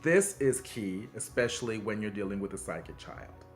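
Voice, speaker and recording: Speaking expressively at a normal speed, a man hosts a video with soft music behind him and gives parenting advice. The talk is conversational and encouraging, earnest and emphatic, with big pitch swings, plenty of fillers and frequent restarts.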